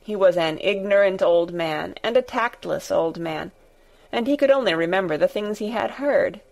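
A woman narrating a storybook in a deliberate, expressive reading. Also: mid-range voice, gravelly, rough recording. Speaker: audiobook narrator.

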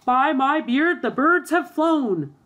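A woman's voice: medium pitch, animated, unhurried, fairly bright tone. A woman voicing a big, scornful male robber who talks in old-fashioned speech, in a storybook reading. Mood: dismayed. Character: boastful man, a burly robber.

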